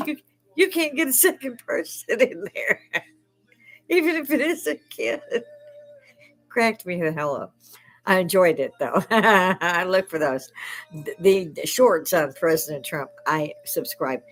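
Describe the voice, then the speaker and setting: A woman's voice: lowish voice, expressive, unhurried, faint music behind. An older woman hosting a casual livestream from her bar, swearing freely and breaking into laughs often. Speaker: livestream host.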